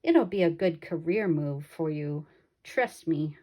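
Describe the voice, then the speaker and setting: A woman voicing a smooth-talking male circus showman who coaxes in an overly polite way. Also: sits low, animated, slow pace, dark tone. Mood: coaxing.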